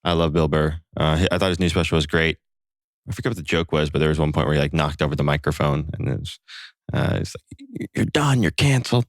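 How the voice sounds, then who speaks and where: Deep-voiced male guest, animated storyteller. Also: fast, no echo, studio quality. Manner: animated, acts out voices in anecdotes. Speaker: podcast guest. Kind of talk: casual chat and storytelling.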